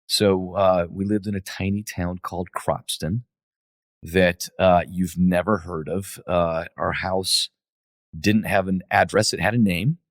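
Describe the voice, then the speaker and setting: Low-voiced man telling his story. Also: fairly even intonation, a little slow, dry recording, clean studio sound. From United States. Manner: many fillers and restarts, reflective. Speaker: guest, company CEO. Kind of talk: relaxed interview storytelling.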